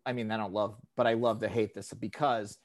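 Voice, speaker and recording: A man co-hosting a podcast in casual chat, animated and profane, often mimicking voices when he quotes people. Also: lowish voice, fairly quick. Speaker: podcast co-host.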